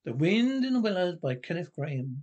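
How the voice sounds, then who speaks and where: A man reading a classic children's novel aloud, halting and correcting himself often. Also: sits high, sing-song, darkish tone, highs cut off. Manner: halting, with frequent self-corrections. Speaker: narrator. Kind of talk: audiobook narration.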